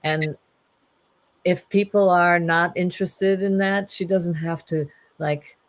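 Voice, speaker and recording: Woman, casual chat, playful, teasing, laughs a lot, low-ish voice, dry close recording. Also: fairly even intonation, takes it slowly, dry recording. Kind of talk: casual conversation.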